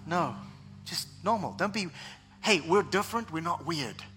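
A man pastor preaching a sermon, animated, sometimes mimicking other voices. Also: on the high side, moderate pace, faint music behind.

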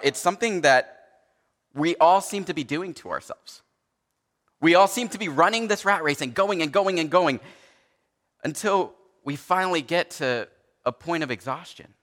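A male pastor delivers a relaxed, conversational sermon, filling his sentences with small fillers and voicing the people in his stories. His voice is bright and forward, and it carries through the long reverb of a large church hall. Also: on the high side. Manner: conversational, uses many fillers and acts out quoted dialogue.

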